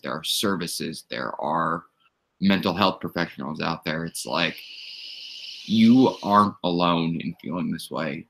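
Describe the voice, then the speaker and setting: A man's voice: low-pitched, pushed and bright. A man on a livestream speaking earnestly, with many fillers, tearing up as he talks. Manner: halting, many "you know" fillers. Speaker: streamer's roommate, psychology student.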